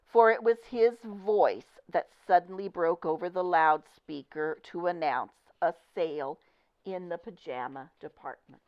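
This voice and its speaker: A woman reading a children's picture book aloud with expressive, deliberate storytelling. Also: lowish voice. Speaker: storybook reader. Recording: dull lo-fi recording.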